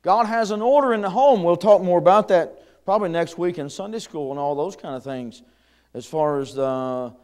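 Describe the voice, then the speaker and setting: A man's voice: high voice, normal speed, darkish tone. A middle-aged man, preaching a conversational sermon in a church, with chuckles and fillers. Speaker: pastor. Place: church sanctuary.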